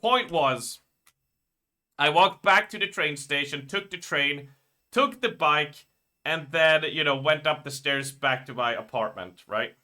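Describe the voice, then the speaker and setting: Bright-voiced man rambling on stream. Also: fairly high pitch, a little slow. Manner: rambling, profane storytelling. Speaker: live streamer. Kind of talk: casual live-stream chat.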